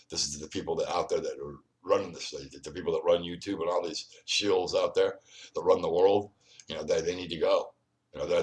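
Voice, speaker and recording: A man hosting his own video, rambling straight at the viewer and often repeating and restarting his words. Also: deep voice. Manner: confrontational, speaks straight to the viewer. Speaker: video host. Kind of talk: solo vlog monologue.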